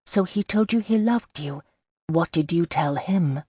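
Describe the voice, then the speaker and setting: A woman's voice: fairly low pitch, a little slow, dark tone, husky, no room sound. A woman doing a wry, teasing Regency lady. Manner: dry, teasing. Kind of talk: audiobook character voice.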